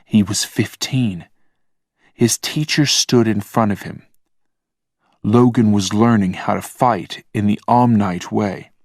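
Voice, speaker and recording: Slow, deliberate male storyteller. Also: lowish voice, no room sound, studio quality. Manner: calm, plain, deliberate. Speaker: narrator. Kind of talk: slow scripted narration for language learners.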